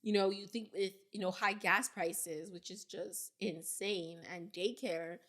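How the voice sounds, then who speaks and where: A young woman in her twenties chats her way through stories on a casual podcast, wandering from one point to the next. Her voice sits at an ordinary middle pitch. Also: steady tone, measured pace, fairly bright tone. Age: 20s. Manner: chatty, rambling storyteller. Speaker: podcast co-host. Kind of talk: casual chat.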